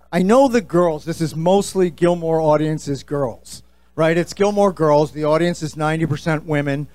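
A middle-aged man with a New Jersey accent works a live stage as podcast host, his voice sitting high for a man. He talks in an animated, jokey, opinionated way. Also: no echo. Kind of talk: live stage address to fans.

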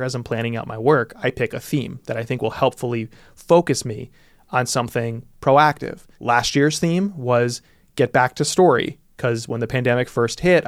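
A man hosting a podcast, talking in a casual, animated way with quick asides. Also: mid-range voice, no room sound, studio quality. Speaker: podcast host.

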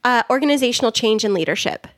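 A woman's voice: fairly high pitch, fast talker, a bit bright, dry recording, clean studio sound. A woman co-hosting a podcast and telling teasing stories about her husband in a casual, chatty way. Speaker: co-host.

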